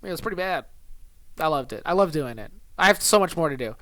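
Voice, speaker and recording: A man's voice: a little high, animated, fast talker, fairly bright tone. A young man co-hosting a podcast in casual chat, teasing his friend with dry jokes and hesitant filler words. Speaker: podcast co-host.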